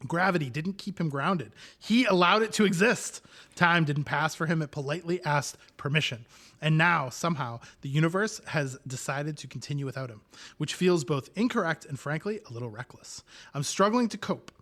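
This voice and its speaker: A man's voice: on the high side, lively intonation, moderate pace, fairly bright tone. A man co-hosting a podcast in casual chat, talking loosely with lots of filler words and restarts. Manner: chatty, hedging with filler words. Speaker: podcast co-host.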